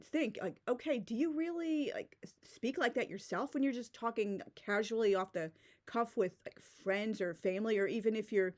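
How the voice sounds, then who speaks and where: A woman's voice: fairly high pitch, moderate pace, a little mellow. A woman giving a casual, exasperated critique of a book, talking loosely with many fillers and restarts. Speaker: book reviewer.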